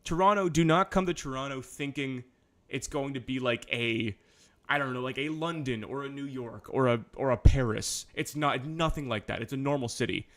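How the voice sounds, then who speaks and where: Speaking at a moderate pace with a medium-pitched voice, a man chats on a live stream. His talk is loose and rambling, peppered with profanity and self-corrections.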